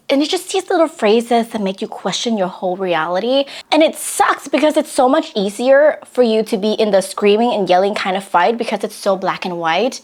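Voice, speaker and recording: A woman's voice: mid-range voice, animated, moderate pace. Young woman giving chatty relationship advice. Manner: earnest and conversational, acting out quoted lines. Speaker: vlogger and host.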